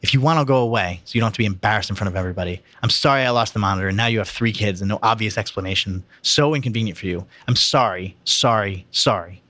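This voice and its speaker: A man's voice: fairly low pitch, fast talker, few pauses, a bit bright, no echo, lightly acted. Man reading as a small hurt boy, bitter, storybook. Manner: bitter, pleading.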